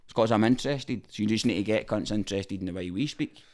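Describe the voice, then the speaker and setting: A man's voice: lowish voice, fast, darkish tone. A Scottish man hosting a podcast, talking bluntly and emphatically, with plenty of swearing. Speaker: podcast host. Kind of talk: casual chat.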